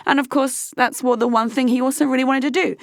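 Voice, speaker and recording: A woman's voice: sits high, steady tone, fast talker, vocal fry, no room sound, clean studio sound. A young woman vlogger telling a personal story in a frank, heated way, swearing freely.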